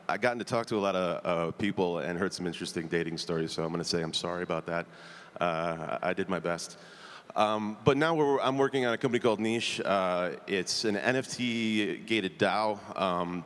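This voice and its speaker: A man's voice: low-pitched, fairly bright tone. A man introducing himself as a company chief and judge on stage, casual with many fillers. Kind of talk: panel self-introduction. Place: large conference hall stage. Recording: reverberant large hall.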